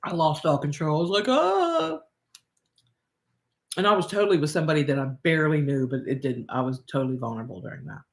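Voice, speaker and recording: A woman's voice: low-pitched, very fast, few pauses. A woman co-hosting a relationship talk, telling a personal story in a candid, casual way and repeating phrases as she thinks aloud. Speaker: relationship coach and co-host.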